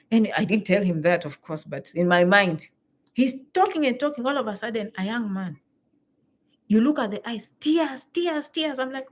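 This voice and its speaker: Animated woman vlogger. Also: fairly high pitch, normal speed. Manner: lively, exclamatory, repeats phrases for emphasis. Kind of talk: animated storytelling to camera.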